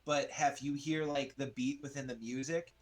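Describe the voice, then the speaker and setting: A man runs a tabletop game in a loose, meandering way, piling up fillers as he describes each scene. His pitch sits right in the middle, neither low nor high. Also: fairly even intonation, moderate pace. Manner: rambling, loose, full of fillers. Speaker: game master.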